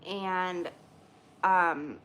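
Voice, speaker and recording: Chatty woman, bright voice. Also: on the low side, steady tone, drawn-out words, lo-fi sound, slight background noise. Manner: chatty, greets viewers by name, laughs often. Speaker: livestream host. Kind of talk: casual livestream chat.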